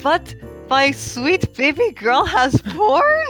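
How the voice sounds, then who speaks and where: A woman's voice: sits high, big pitch swings, slow pace, a bit bright, faint music behind, pitched above the performer's own voice, heavily acted. A woman doing a giggly drunk old innkeeper. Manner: boisterous, giggly. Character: drunk jolly older male innkeeper.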